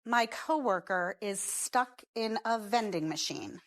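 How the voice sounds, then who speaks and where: A woman acting as a coworker calling for help in a scripted comedy skit, speaking in a measured way. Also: medium pitch, lightly acted. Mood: urgent.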